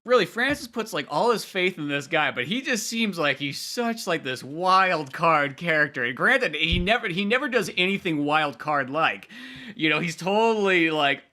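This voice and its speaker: A man co-hosting a podcast, his voice pitched a little high with a bright edge. He rambles through retellings, swearing and laughing freely. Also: animated, normal speed. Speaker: podcast co-host. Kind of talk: casual chat.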